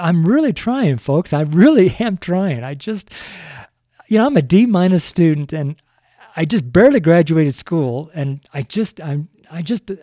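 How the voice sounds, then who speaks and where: For a recorded sermon show, an older longtime street preacher speaks into a studio microphone in a fairly high, warm voice. He keeps stumbling over his words, chuckling often and laughing at his own expense. The recording is dry and studio quality.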